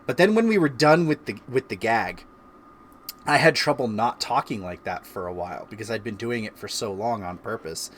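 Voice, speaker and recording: A man's voice: lowish voice, lively intonation, moderate pace, a bit bright, slight background noise. A man in his thirties hosting a casual chat stream from home, telling a story in a rambling way with frequent restarts and chuckles. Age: 30s. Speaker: streamer host. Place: home, by a fireplace.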